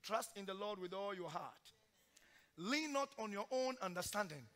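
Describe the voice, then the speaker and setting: A male pastor preaching a sermon in church, swinging from loud, forceful exhortation to hushed, emotional storytelling. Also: high voice, expressive. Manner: sings hymn lines slowly during the sermon.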